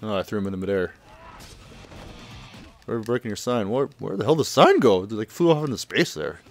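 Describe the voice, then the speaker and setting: A man's voice: fairly low pitch, very animated, quick pace, faint music behind. A man casually recapping a video game, chuckling often and loosely paraphrasing the dialogue. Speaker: gameplay commentator. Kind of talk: casual let's-play recap.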